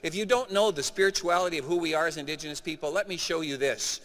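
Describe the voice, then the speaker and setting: A middle-aged Canadian man giving an animated, emphatic keynote speech to a live conference audience. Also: a little high, quick pace. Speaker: keynote speaker. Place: large conference hall. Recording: reverberant conference hall.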